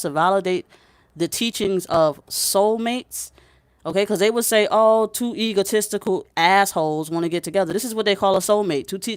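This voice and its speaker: A woman with a smooth, clear voice, recorded close and dry, giving spiritual guidance in a casual vlog. She is emphatic and blunt, swears freely, and keeps checking in with the listener. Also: on the low side, no echo. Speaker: spiritual reader.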